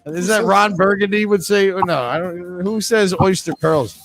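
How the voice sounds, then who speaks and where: A man's voice: high-pitched, normal speed, a bit bright, soft background music. A man hosting a live trivia game, reading questions and answer choices in a chatty, joking way. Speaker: trivia host.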